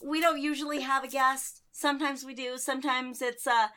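A woman co-hosting a casual podcast, brash and quick to swear and laugh. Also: high voice, steady tone, noisy background. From United States. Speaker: podcast co-host.

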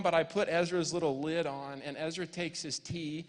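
A pastor in his forties preaches, slipping from a relaxed family story into fervent appeals. His voice sits on the higher side for a man. It rings out with the long reverb of a large church hall. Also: moderate pace. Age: 40s. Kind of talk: sermon.

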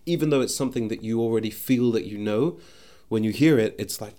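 A man's voice: on the low side, fast, warm tone. A man hosting a solo podcast, talking thoughtfully into a microphone and often restarting his sentences as he searches for words. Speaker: podcast host. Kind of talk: reflective solo podcast monologue.

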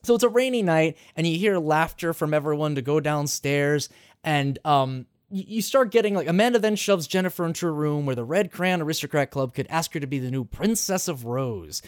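A male podcast host recapping a game in loose, casual chat. His pitch swings widely as he swears, laughs and restarts his sentences. The sound is dry and close, with no room echo. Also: brisk. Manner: animated, swears freely and laughs often; rambling with frequent restarts.

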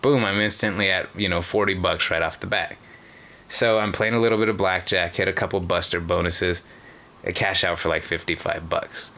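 Deep, bright-toned man, casual and profane storyteller recounting gambling nights. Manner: profane, rambling, many fillers. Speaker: caller sharing casino stories.

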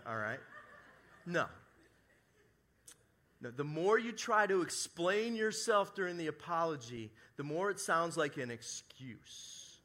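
Male pastor at a church service, bright and forceful voice, animated delivery that drops to hushed asides. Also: a little high, slow pace. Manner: animated, shifts between loud emphasis and soft hushed asides; acts out quoted apologies in his own voice. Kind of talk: sermon.

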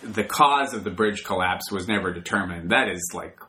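A man's voice: sits low, moderate pace, bright, forceful tone, slight background noise. A man hosting a podcast, chatting about a movie in an easygoing way. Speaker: podcast host. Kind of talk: casual movie discussion.

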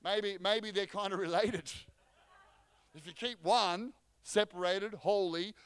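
A man delivers a lively sermon in a high, clear, resonant voice. He jokes with the congregation and restarts phrases as he goes. The sound is close and dry. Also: slow, no room sound. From Australia. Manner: energetic, joking, frequent restarts. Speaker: pastor.

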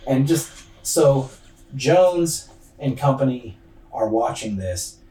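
A man's voice: medium pitch, lively intonation, slow, warm tone. A man hosting a podcast who tells a true-crime story casually, with loose slang and a lot of fillers. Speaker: podcast host. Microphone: laptop's built-in mic. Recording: distant roomy computer-mic recording.

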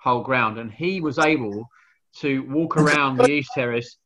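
A man's voice: mid-range voice, normal speed, fairly bright tone, rough recording. A man hosting a casual chat, reminiscing in a conversational way. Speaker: podcast host.

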